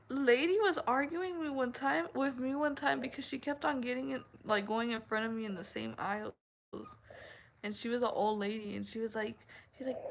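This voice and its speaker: A woman's voice: a little high, moderate pace, gravelly, slight background noise, low-quality recording. A woman chatting casually with her viewers, laughing often and acting out what people said. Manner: giggly, laughs often, acts out quotes. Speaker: livestream host chatting with viewers. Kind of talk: casual chat.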